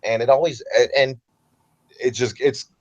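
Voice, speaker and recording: A man with a baritone voice and a light Southern American accent, a guest talking in a relaxed, rambling way over a remote call. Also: normal speed, lo-fi sound. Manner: relaxed, rambling, comfortable speaker. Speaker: interview guest. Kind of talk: casual interview talk.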